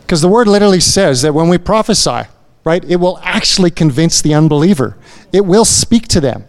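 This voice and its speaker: A man's voice: sits high, animated, fairly quick. A man speaking to a church congregation in a conversational way, often adding "you know" and "right?" as he shares a story. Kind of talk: sermon-style testimony.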